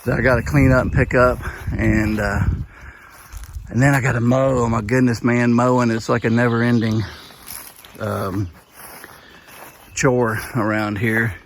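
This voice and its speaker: A man's voice: medium pitch, little pitch movement, unhurried, pauses often, a little hiss or hum. A middle-aged man with a Southern US accent, chatting casually as he walks around his homestead, a bit out of breath and rambling with frequent restarts. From Southern United States. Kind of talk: casual walk-around vlog. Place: outdoors on a rural homestead.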